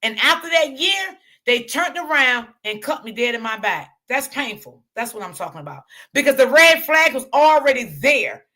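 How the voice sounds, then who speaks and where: A woman's voice: high-pitched, very animated, normal speed, few pauses, bright, forceful tone. A woman, hosting a casual chat to her viewers, repeating herself and calling them y'all. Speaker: online channel host.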